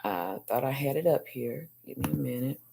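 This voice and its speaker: Very low-voiced woman teacher. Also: expressive, gravelly, background noise. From United States. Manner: repeats answers slowly, many mm-hmms. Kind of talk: class review of chapter questions.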